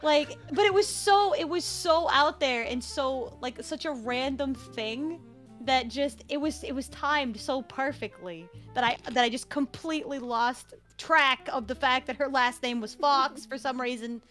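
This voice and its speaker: Young female VTuber, lively storyteller, high bright voice, faint music behind. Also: unhurried. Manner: animated storyteller, acts out her own reactions. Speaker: VTuber guest. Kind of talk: casual stream chat.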